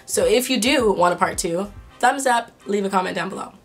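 A young woman talking to her camera with excitable disbelief, her throat a little sore. She swears freely and speaks in a mid-range voice, with faint music in the background. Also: medium pitch, brisk, husky. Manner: excitable, swearing, laughing, incredulous. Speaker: vlogger. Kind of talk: casual chat to camera.

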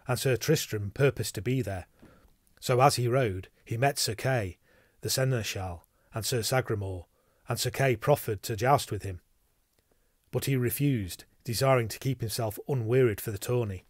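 A man narrating an audiobook in an even, measured storytelling manner. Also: medium pitch, no echo, clean studio sound.

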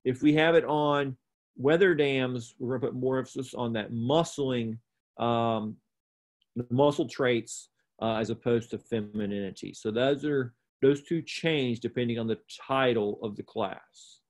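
A man's voice: mid-range voice, measured pace. Male livestock judging instructor, mid-range voice, methodical explainer with fillers and self-corrections.

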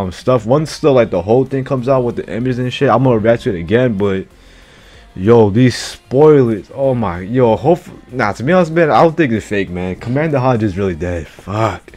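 A man's voice: medium pitch, a little mellow. A man casually reacting to an anime chapter, slangy and profane, who keeps blurting out exclamations.

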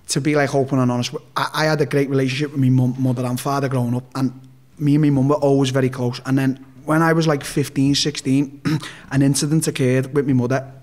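A young man with a Liverpool accent, a podcast guest telling his life story bluntly, swearing heavily and restarting sentences often. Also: medium pitch. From Liverpool, England. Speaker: interview guest. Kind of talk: candid storytelling in a podcast interview.

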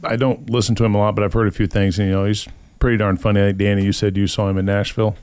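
Racing along in a voice on the low side, a male podcast host casually retells a scripture story, acting out the people's quoted lines as an animated storyteller. Slight background noise is audible.

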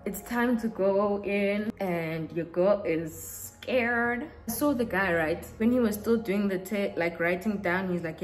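A young woman talks in a loose, chatty way, with a voice at an ordinary middle pitch. She tells stories with life and acts out what others said. Soft music plays faintly behind her. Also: a little slow, few pauses. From South Africa. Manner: chatty and animated, acts out quotes. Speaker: beauty vlogger. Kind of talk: casual storytelling chat.

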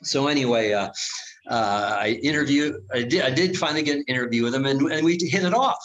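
A man in his sixties recounting his reporting days as a guest on an interview show. His pitch sits in the middle for a man. He tells the story with lively energy, hesitates with frequent fillers, and slips into the voices of the people in it. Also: dull audio. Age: 60s. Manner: animated, acts out quoted voices, many filler pauses. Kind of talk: casual anecdotal storytelling.

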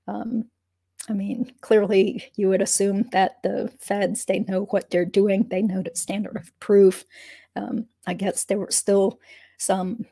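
A woman lawyer talks through legal news on her vlog, hoarse, with a gravelly, husky edge to her voice. Her tone sits dark and mellow, and the sound is dry and close. She speaks in an easy, conversational way, full of fillers and asides. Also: mid-range voice, level tone, slow pace, no room sound. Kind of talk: casual legal commentary vlog.

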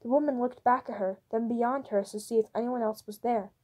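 A woman reading a novel chapter aloud in steady storybook narration. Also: a little high, brisk. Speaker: audiobook reader.

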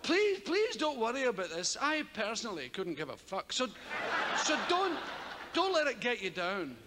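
Speaking at normal speed in a very high voice, a Scottish man performs stand-up in a theater, spinning animated, profane, rambling tales into a stage microphone. The live recording is very noisy, echoing through the hall with a loud crowd.

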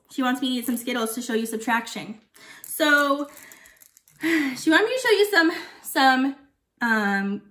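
A woman's voice: high-pitched, fairly bright tone. A woman voicing a forgetful old lady who teaches young children, chatting while chewing candy. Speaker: guest teacher for a kindergarten class. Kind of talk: playful video lesson for young children.

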